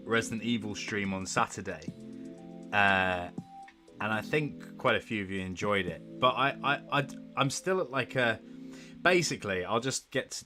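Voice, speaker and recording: A man's voice: on the low side, sharp tone. A man streaming from home, chatting casually with a rambling, self-deprecating manner. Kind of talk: casual livestream chat.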